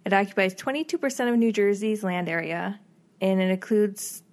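A woman's voice: medium pitch, normal speed, a little mellow. Woman reading notes in a chat. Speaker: podcast co-host.

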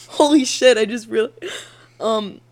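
A woman's voice: a little high, darkish tone. A young woman co-hosting a podcast, chatting casually and telling rambling, profane stories with lots of laughter. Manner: profane, giggly, rambling storyteller. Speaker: podcast co-host. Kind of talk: casual chat.

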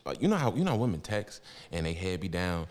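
A man's voice: sits low, sing-song, fast, a little mellow. A man hosting a casual podcast, talking in loose, repetitive slang and laughing often. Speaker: podcast host.

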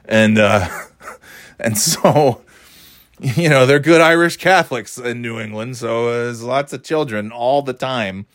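A man's voice: mid-range voice, takes it slowly, no echo, clean studio sound. A middle-aged man telling a story in a casual monologue, swearing often in a sardonic, ranting way.

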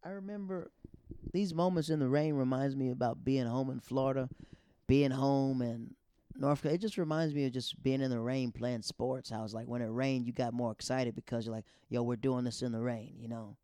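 Mellow-voiced male comedian telling stories. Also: mid-range voice, quick pace, clean tone, no room sound, clean studio sound. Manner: animated, acts out quoted dialogue. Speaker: stand-up comedian. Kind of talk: casual storytelling.

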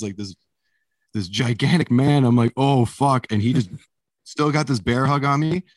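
A man's voice: medium pitch, dry recording. A man being interviewed as a musician, telling stories in a rambling, casual way, swearing often and laughing as he goes. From Canada. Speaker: musician guest.

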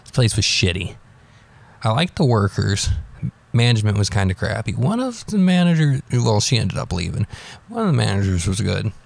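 A man's voice: on the low side, expressive, normal speed, creaky. A young man telling a personal story in a rambling, offhand way, swearing freely. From United States.

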